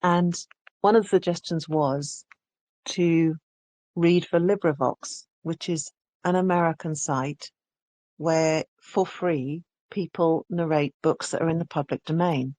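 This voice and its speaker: A woman's voice: sits low, steady tone, unhurried, darkish tone, dry recording. A woman audiobook narrator from England, telling her story in a chatty, reflective interview. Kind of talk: casual interview conversation.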